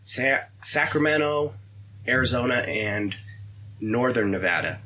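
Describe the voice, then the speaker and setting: A man, a union iron worker, answering interview questions in a plainspoken, halting way. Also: medium pitch, expressive, pushed and bright, slight background noise, rough recording.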